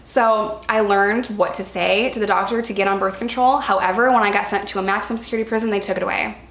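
A woman's voice: mid-range voice, fairly even intonation, fast talker, fairly bright tone. Earnest young woman, echoey room. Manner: earnest, emphatic, repeats words for stress. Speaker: vlogger sharing personal experience. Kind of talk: candid personal vlog talk.

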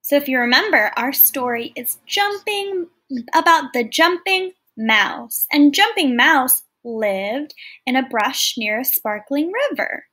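Teacher lady reading a story to kids, high bright voice, stops to explain stuff. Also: lively intonation, takes it slowly. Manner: clear, explaining, often asks listeners questions. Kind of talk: read-aloud lesson for children.

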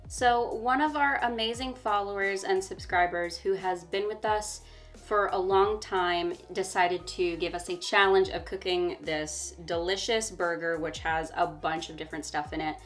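A woman's voice: on the low side, normal speed, soft background music. A young woman co-hosting a casual storytime vlog, talking in a chatty, emphatic way and laughing often. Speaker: vlog co-host.

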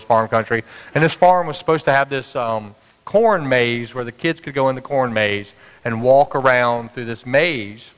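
A man's voice: mid-range voice, clear, resonant tone, long reverb tail, highs cut off. A man preaching a sermon as pastor, telling stories in a conversational way and urging the congregation to answer back. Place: church sanctuary.

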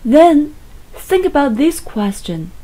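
A woman leads a recorded English lesson, speaking slowly and patiently. Her voice is fairly high but mellow and soft-edged, and she repeats key words for pupils. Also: sing-song, low-quality recording. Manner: patient, clearly spoken instructions with repeated words. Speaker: English teacher.

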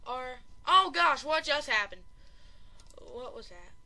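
A woman giving live commentary over a video game, excitable and panicky, exclaiming and repeating herself and running herself down as a player. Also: high-pitched, takes it slowly. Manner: self-deprecating chatter. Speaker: gaming channel host.

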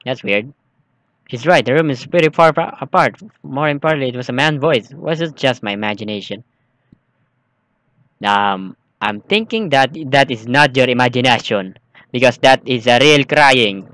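Jumpy bright-voiced man playing a game. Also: medium pitch, moderate pace, no echo. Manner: jumpy, exclaiming, nervous chatter. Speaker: gaming streamer. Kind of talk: let's play commentary, reading game text aloud.

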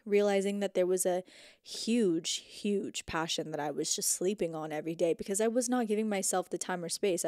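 A woman's voice: mid-range voice, a little mellow, dry recording, studio quality. A young woman hosting a podcast, giving a casual motivational talk from the floor. She is emphatic, repeats points for stress and swears freely. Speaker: podcast host. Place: indoors, sitting on the floor.

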